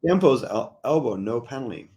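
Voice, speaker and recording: Relaxed chatty man hosting hockey talk. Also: mid-range voice, moderate pace. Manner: relaxed, chatty, reads out chat comments. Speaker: hockey show host reading viewer comments. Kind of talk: casual sports talk.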